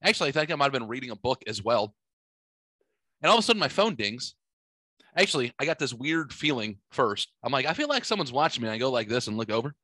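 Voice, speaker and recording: A man's voice: mid-range voice, lively intonation, fast talker, sharp tone, dry recording. A man hosting a podcast, telling rambling, profane stories in casual chat. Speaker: podcast host. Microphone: studio microphone.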